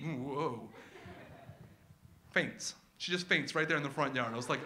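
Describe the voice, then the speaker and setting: A man's voice: high voice, brisk. A man in his thirties telling a comic true story about his family to a live audience. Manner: animated, comic, acts out his kids' voices. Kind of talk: live first-person storytelling.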